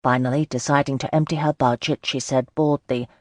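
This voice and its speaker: A woman narrating a historical romance audiobook in a measured storytelling manner. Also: a bass voice, fairly even intonation, no echo. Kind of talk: scripted narration.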